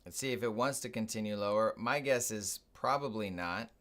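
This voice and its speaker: A man's voice: on the low side, moderate pace, fairly bright tone. A man hosting a live trading stream, casually thinking aloud and explaining his moves as he watches the charts.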